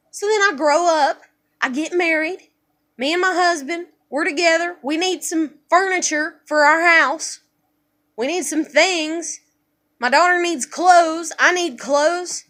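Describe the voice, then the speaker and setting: A woman's voice: very high voice, measured pace, fairly bright tone. A young woman venting in a personal vlog, profane and exasperated as she rants. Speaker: vlogger.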